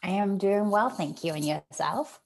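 A woman's voice: medium pitch, normal speed. A woman in her thirties from the UK with a mixed British and Australian accent, chatting as an interview guest and laughing often. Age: 30s. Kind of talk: casual interview chat.

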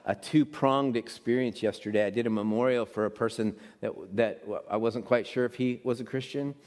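A middle-aged man preaches from the pulpit, chatty and loose, often restarting his sentences. His voice sits at an ordinary pitch. A long reverb from the church hall trails after his words. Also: fairly even intonation, brisk, a little mellow. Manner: casual, rambling, many restarts. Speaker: pastor. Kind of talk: sermon. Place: church sanctuary.

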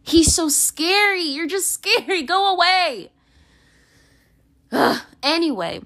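A woman's voice: expressive, measured pace, fairly bright tone. A young woman in a candid monologue, rambling with many fillers and restarts, swearing and venting with emotion. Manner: emotional, pitch swinging widely.

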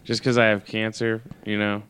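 Man, casual podcast chat, upbeat, very clear voice, dry sound. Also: on the low side, monotone, normal speed, a bit bright, no echo. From United States. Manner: upbeat, laughs off hardship. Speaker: podcast guest.

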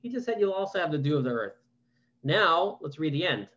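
Over a video call, a man leads a Torah class, reading verses aloud before posing questions in an easygoing, chatty way as casual commentary. His fairly bright, higher voice swings widely in pitch and moves briskly. The sound is lo-fi.

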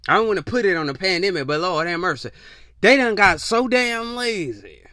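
A man hosting a podcast, ranting in a casual, profane, animated way and slipping into mock voices. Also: high-pitched, a little fast, no room sound, studio quality. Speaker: podcast host. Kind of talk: casual opinion rant.

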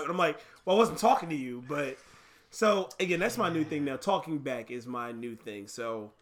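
A man co-hosting a casual dad podcast, telling stories in a quick, expressive way. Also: on the high side. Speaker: podcast co-host.

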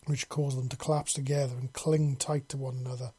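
A man narrating a story in a steady, unhurried reading. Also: mid-range voice, breathy edge.

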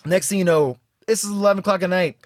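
A young man co-hosting a podcast, telling a travel story in a casual, animated way and laughing often. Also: high voice, quick pace, no echo, studio quality. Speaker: podcast co-host.

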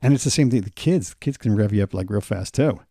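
A man's voice: lowish voice, lively intonation, quick pace, mellow, breathy edge, dry recording, studio quality. A middle-aged man co-hosting a podcast, chiming in agreeably and laughing often in casual chat. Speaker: podcast co-host.

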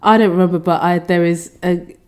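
Mellow-voiced woman chatting on a podcast. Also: fairly low pitch, fairly even intonation, clear, resonant tone. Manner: gushing, playful, quick asides. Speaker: podcast co-host. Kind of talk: casual chat.

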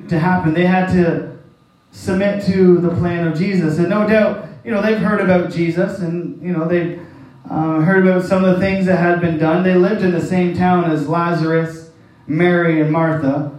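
A man's voice: sits high, darkish tone. A man preaching a conversational sermon, folksy and chuckling often, acting out quoted voices. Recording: very echoey room, voice from far off the mic.

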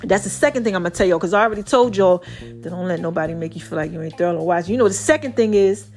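A woman with a New York accent hosting a podcast in a casual, animated motivational monologue, drawling and breaking into bits of song. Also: on the low side, quick pace, soft background music. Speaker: podcast host.

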